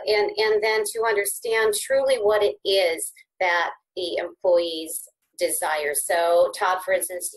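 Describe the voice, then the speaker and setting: A middle-aged woman talks as a guest in an interview, with a voice sitting at an ordinary pitch. She gets animated and swoops up high as she warms to a point. She often restarts her words. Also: poor audio. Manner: animated, sweeping pitch rises when excited; frequent repeated word restarts. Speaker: podcast guest. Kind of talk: conversational interview.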